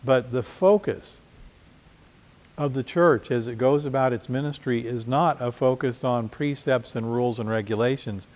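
A man's voice: medium pitch, moderate pace, darkish tone, long reverb tail. A man preaching a sermon as pastor, conversational, with frequent restarts and repeated words. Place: church.

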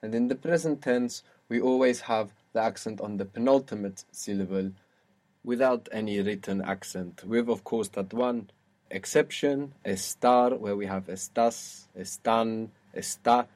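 A man teaching a one-to-one language lesson, explaining patiently and slowing down to model words. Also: fairly low pitch, darkish tone.

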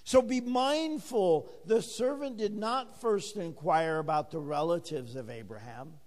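Older guy preaching, folksy stories, slow and high, long echo tail. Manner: folksy storytelling with acted-out dialogue. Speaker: pastor. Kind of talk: sermon.

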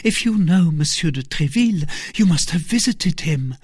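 Reader playing young novice nun, earnest, eager, lively pitch, husky, slow. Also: no room sound, studio quality.

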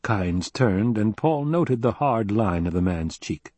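Low, husky male audiobook narrator. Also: animated, slow pace, few pauses, a little mellow, no room sound. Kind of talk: scripted narration.

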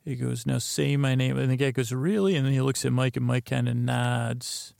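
Gravelly, flat-voiced man rambling casually. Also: mid-range voice, no room sound, studio quality. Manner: rambling, halting, lots of fillers and restarts. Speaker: podcast host. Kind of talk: casual recap of a TV episode.

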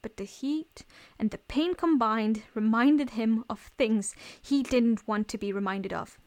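Woman reading a story out loud, steady, kinda high voice. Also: a little slow. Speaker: reader. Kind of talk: reading fan fiction aloud.

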